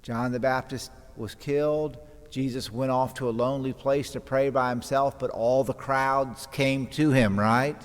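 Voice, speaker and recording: A man's voice: mid-range voice, steady tone, measured pace, few pauses. A man preaching a homily as a priest, retelling the gospel story dramatically and acting out the voices in it. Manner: dramatic retelling, voicing scripture quotes. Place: church. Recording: long church reverb.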